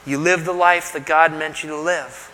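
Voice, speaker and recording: Pastor, man, middle-aged, bright and high voice, emphatic sermon delivery, reverberant hall. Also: steady tone, normal speed. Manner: conversational, emphatic preaching with rhetorical questions.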